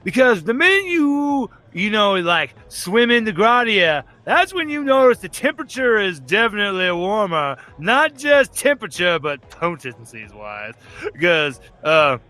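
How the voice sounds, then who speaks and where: A man's voice: high voice, sing-song, unhurried, pushed and bright. A man narrating as game master in a casual, rambling way, swearing and laughing often.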